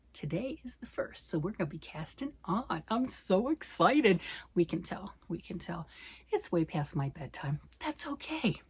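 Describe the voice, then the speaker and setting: A middle-aged woman chatting fast and excitedly about knitting, rambling off on tangents. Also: lowish voice, slightly rough. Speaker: knitting vlogger. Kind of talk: casual chat.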